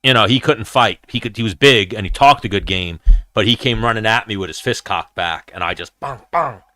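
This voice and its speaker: A man hosting a loose live-stream chat about combat sports, his voice bright and forceful. He tells profane, animated stories in a relaxed way. The sound is dry and close, with no room echo. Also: fairly low pitch, a little fast. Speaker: live-stream host and former fighter.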